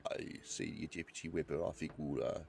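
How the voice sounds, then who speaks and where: A man's voice: extremely low pitch, level tone, brisk, creaky, a little mellow, soft background music. A man playing an eager trainee deputy in an online roleplay, polite and deferential, stammering and calling others sir. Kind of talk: in-character roleplay chat.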